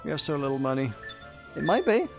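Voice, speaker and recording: Gravelly-voiced man reading game text. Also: a little high, very animated, fast, music in the background. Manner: reads game text aloud, musing. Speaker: co-host playing a video game. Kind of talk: casual let's-play chat.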